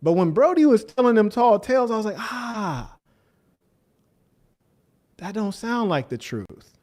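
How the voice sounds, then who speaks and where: A man's voice: sits high, very animated, unhurried, a little mellow. A man streaming casual reaction commentary, joking and mocking as he talks over video clips.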